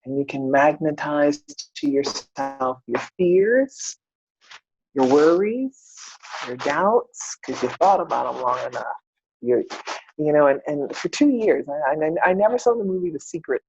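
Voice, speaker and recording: A woman with a gravelly, husky voice tells her life story as a podcast guest, animated and frank, often acting out what she once said. The sound is dry and a bit dull, like a modest lo-fi podcast recording. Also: deep voice, a little slow. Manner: animated, acts out her own past words. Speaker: podcast guest, spiritual mentor. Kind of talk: candid personal storytelling.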